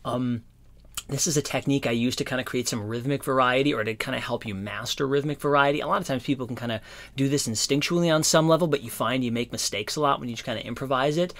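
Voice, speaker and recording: A man giving a casual guitar lesson, explaining in a relaxed, rambling way with lots of fillers. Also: medium pitch, fast. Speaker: guitar teacher. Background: guitar playing.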